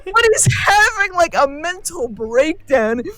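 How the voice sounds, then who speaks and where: A woman's voice: very high voice, measured pace, dry recording. A young woman co-hosting a gaming channel, telling a story over gameplay with lots of laughter and swearing. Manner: animated, laughing storyteller who swears freely.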